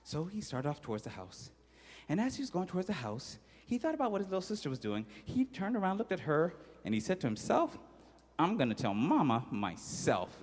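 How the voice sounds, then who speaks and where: A man's voice: sits high, fast talker, in a large hall. A man telling a children's story with sound effects and questions to the kids, ending in a short sermon. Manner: animated, sound effects, audience call-outs.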